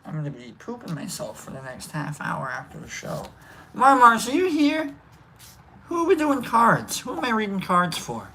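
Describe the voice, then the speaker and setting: A woman's voice: medium pitch, wildly swooping pitch, moderate pace, pushed and bright, a little hiss or hum. A woman hosting a casual livestream chat, swearing freely, rambling, and breaking into sung lines. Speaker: livestream host.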